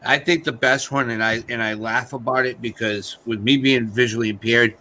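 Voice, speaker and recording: A man's voice: medium pitch, steady tone, moderate pace, sharp tone. A man hosting a casual chat, laughing often as he retells jokes. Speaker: host. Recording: faint background noise.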